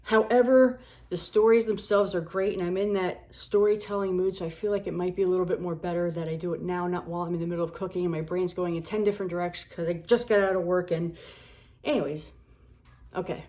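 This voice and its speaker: A young woman telling stories from her life in a lively, casual way, acting out the people she quotes and swearing freely. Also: on the low side, far from the mic. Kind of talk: casual storytelling. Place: home kitchen. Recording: echoey room.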